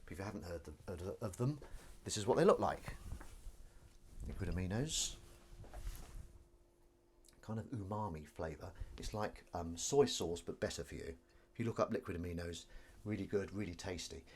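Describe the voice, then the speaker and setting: A man's voice: low-pitched, expressive, normal speed, pauses often, a little hiss or hum. Man, live stream host, casual rambling chat, self-mocking, home kitchen. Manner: chatty, meandering, self-mocking asides.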